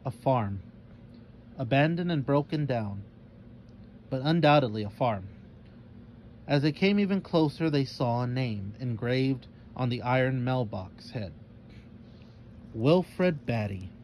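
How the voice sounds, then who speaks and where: A man reading a children's story aloud in a calm, measured narrating voice. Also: medium pitch, dull audio, a little hiss or hum.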